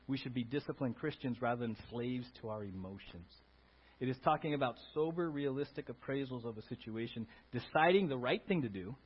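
Man, pastor, sermon, husky tone, animated and playful, muffled church recording. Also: medium pitch. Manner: animated, playful, swings from quiet to loud. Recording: dull lo-fi sermon audio.

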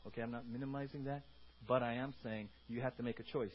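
A man preaching a sermon in a lively, conversational way, often checking in with the congregation. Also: mid-range voice, fast, dull audio. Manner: animated, conversational, repeats words and asks the congregation "right?". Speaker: pastor.

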